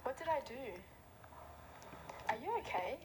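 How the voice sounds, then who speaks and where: A woman's voice: high voice, animated, a little slow, over loud music, poor audio. A young woman hosting a reaction video, reading texts aloud and exclaiming with giggles. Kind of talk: casual reaction commentary. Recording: loud background noise.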